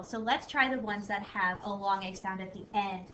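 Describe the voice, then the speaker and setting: A woman teacher giving a spelling lesson to children, upbeat, sounding words out slowly. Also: medium pitch, fairly bright tone, lo-fi sound. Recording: echoey room from a distance, faint noise.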